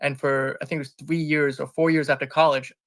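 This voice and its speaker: Man, interview guest, earnest rambling storytelling, self-correcting, somewhat high voice, dry sound. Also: level tone, brisk, a bit bright, no echo. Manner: earnest and rambling, often restarting and correcting himself. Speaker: interview guest, business founder. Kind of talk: candid personal storytelling in conversation.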